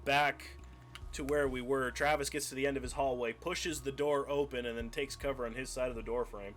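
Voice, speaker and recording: A young man streaming live, casually telling a tabletop game story, animated and profane, acting out scenes as he goes. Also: medium pitch, fairly quick, a little hiss or hum. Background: faint music.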